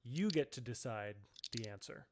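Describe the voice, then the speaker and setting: A man acting as game master for a tabletop game, giving short, relaxed replies and narrating. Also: mid-range voice, normal speed, noisy background.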